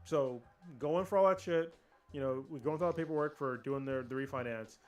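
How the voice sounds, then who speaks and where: A man co-hosting a casual livestream podcast, ranting and swearing freely in animated chat. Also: medium pitch, fairly quick, soft background music. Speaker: podcast co-host.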